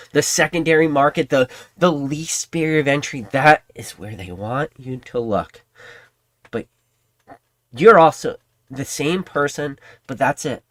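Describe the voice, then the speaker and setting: A man's voice: mid-range voice, a bit bright, no echo. A man hosting a trading card channel, talking in a casual, rambling, conspiratorial way to his viewers. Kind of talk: casual commentary to camera.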